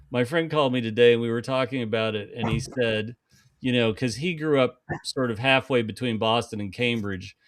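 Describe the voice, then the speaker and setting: Brief: male podcast co-host, mid-pitch, close dry mic, playful storyteller. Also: fairly bright tone, no echo. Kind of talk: casual chat and joke telling.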